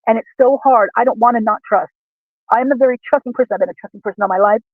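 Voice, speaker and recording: A man's voice: very high voice, very fast, no room sound. A man in casual chat as a livestream guest, talking earnestly in a rambling, self-correcting way. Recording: tinny dry call audio.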